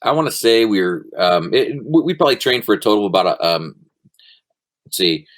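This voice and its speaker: A middle-aged man, a former soldier, telling stories casually as a podcast guest, relaxed and swearing, with many fillers. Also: lowish voice, fairly quick. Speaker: guest, former Army Ranger. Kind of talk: casual storytelling interview.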